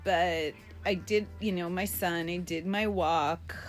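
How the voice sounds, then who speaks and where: A woman's voice: on the low side, fairly even intonation, takes it slowly, faint music behind. A middle-aged woman vlogging a casual video diary at home during quarantine, rambling and frank, swearing freely and coughing now and then.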